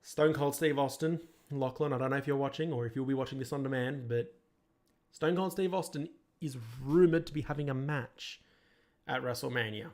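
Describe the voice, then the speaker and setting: Male podcast host, mid-range voice, opinionated and critical, casual rambling review commentary. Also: mid-range voice.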